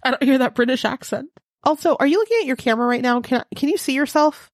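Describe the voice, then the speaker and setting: A woman's voice: sits high, fast, dry recording, studio quality. Teasing American woman with a cold. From United States. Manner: teasing, laughs a lot. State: has a cold. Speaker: podcast co-host. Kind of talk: casual chat.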